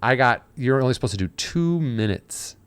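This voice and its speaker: A man's voice: medium pitch, animated, moderate pace, clear, resonant tone, no echo. A man hosting a casual podcast chat, telling stories and acting out the people he quotes. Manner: storytelling, acting out quoted voices. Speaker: podcast host.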